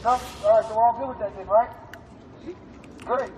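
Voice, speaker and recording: A man's voice: very high-pitched, fairly even intonation, moderate pace, darkish tone, slight background noise. A man organizing a protest, addressing a crowd in a park in an emphatic, streetwise, profane way. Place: outdoors in a park. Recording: muffled street recording.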